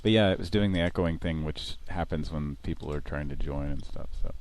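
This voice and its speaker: A man's voice: very deep voice, brisk, noisy background. A man hosting a live online show, chatting casually and rambling with lots of fillers and restarts. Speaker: host.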